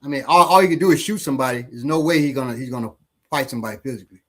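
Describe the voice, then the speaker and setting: A man, a martial arts instructor, telling a story in casual talk, halting and restarting often. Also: mid-range voice, fairly bright tone. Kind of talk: casual storytelling in a panel discussion.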